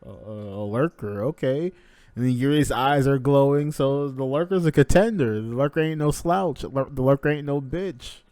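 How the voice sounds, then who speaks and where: A man hosting a live manga reaction, reading the chapter aloud with excitable commentary and frequent swearing. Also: mid-range voice, moderate pace, hardly any pauses, smooth, no echo. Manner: excitable, swears freely, laughs at himself.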